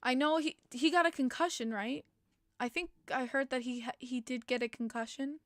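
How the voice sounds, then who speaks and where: A young woman talks hockey on her stream, opinionated and chatty as she answers chat. Her voice sits fairly high and sounds a bit tired. The sound is close and dry, with no room echo. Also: fairly even intonation, normal speed, a bit bright. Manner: chatty, opinionated fan reading chat comments. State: tired, yawning. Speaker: podcast host. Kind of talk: casual live-stream chat about hockey.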